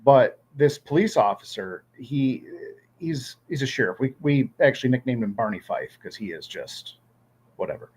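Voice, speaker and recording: A man from Ohio telling a lively magnet fishing story in a casual chat, acting out quotes and often repeating words. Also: mid-range voice, moderate pace, slightly rough.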